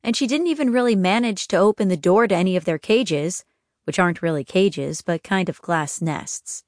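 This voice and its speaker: Low-voiced woman narrating an audiobook. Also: moderate pace, darkish tone, no room sound, clean studio sound. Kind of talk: scripted narration.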